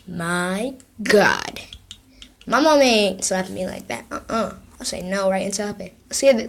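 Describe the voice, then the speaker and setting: A woman's voice: medium pitch, a little hiss or hum. A woman vlogger in casual chat, playing sound effects from an app and reacting with giggly, playful commentary.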